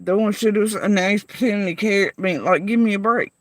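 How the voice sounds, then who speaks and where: A woman's voice: mid-range voice, fairly quick, no echo. A woman vlogger rants to her livestream chat. She is heated and profane, and she keeps firing confrontational rhetorical questions at her viewers. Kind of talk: livestream rant addressing chat.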